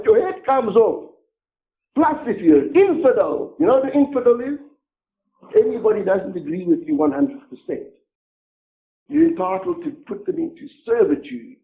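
A man's voice: high-pitched, big pitch swings, normal speed. A middle-aged man preaching a sermon in a sarcastic, mocking, theatrical way. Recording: narrow tinny phone-like sound.

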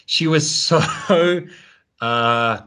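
A man from South Africa co-hosting a casual discussion, chatty and quick, restarting sentences and laughing easily. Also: a little high, sharp tone.

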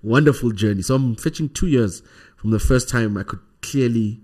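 A man with a South African accent, a podcast guest telling a personal story in animated conversation, often ending sentences with "right?". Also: medium pitch, moderate pace, slightly rough.

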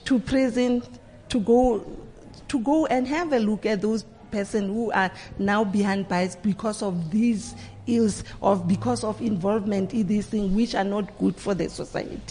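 A woman teacher answers earnestly on a panel, repeating words to stress her points. She has a dark, mid-range voice and a moderate pace. The room is reverberant, with faint noise.

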